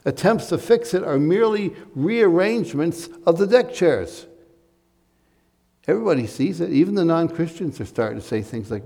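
A man's voice: a little high, animated, normal speed, mellow. Man preaching in a reverberant church. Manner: earnest preaching with rising emphasis and asides. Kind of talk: sermon. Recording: long hall reverb.

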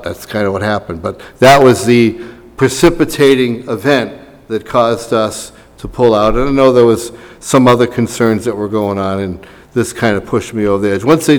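A man's voice: lowish voice, normal speed, big-room sound. A man preaching a sermon in a conversational way, with asides to the congregation. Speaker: pastor.

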